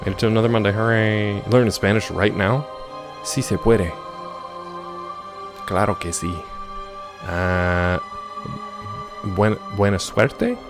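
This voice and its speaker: An American man with a hoarse, gravelly voice from a week of yelling, chatting casually while streaming a game and reading chat. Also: lowish voice, steady tone, a little slow, pauses often, music in the background. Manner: rambling, jokey, reads chat aloud.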